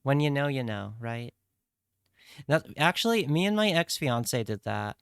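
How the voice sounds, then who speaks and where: A young man chats to his stream at an unhurried, drawn-out pace, rambling and joking along. His voice comes through smooth and clear. The sound is dry and close, with no room around it. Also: medium pitch, big pitch swings, no echo. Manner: rambling, playful, talks straight to chat. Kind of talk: casual livestream chat.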